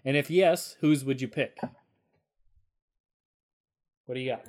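A man's voice: medium pitch, unhurried, darkish tone. A man hosting a casual gaming podcast, reading listener questions and arguing bluntly. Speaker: podcast host. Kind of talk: casual chat.

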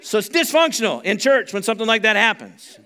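Male pastor, high bright voice, conversational sermon that swells into forceful preaching. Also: big pitch swings, fairly quick. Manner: conversational, builds to loud emphatic preaching. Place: church sanctuary.

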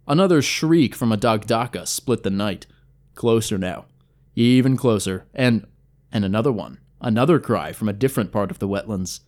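A man narrating a fantasy tale from a tabletop campaign in an expressive, measured reading. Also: on the low side.

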